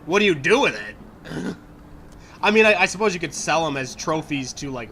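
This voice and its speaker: A man's voice: fairly high pitch, lively intonation, moderate pace, bright, forceful tone, slight background noise. A young man giving casual, rambling commentary while playing a video game, swearing and laughing as he goes. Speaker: let's play gamer.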